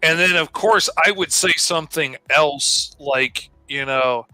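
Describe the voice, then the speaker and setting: A man's voice: fairly high pitch, a little slow, pushed and bright, clean tone, dry recording. A middle-aged man, chatting easygoing on a livestream, full of "you know"s. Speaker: artist co-host. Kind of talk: casual chat on a livestream.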